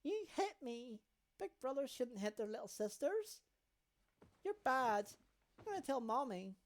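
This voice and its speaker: A woman voicing a dying young girl, with a high, tearful, begging manner. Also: sing-song, unhurried. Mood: childish. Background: faint game music.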